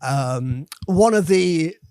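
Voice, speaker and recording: A man's voice: a little high, expressive, very slow, a little mellow, no echo. A man from the audience who politely and somewhat hesitantly puts a question to the hosts. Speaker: audience member asking a question.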